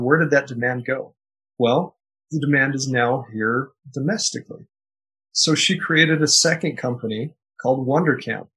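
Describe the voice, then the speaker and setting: A man's voice: mid-range voice, fairly bright tone, husky, poor audio. A man answering podcast interview questions as a guest author, in an earnest, emphatic, motivational way.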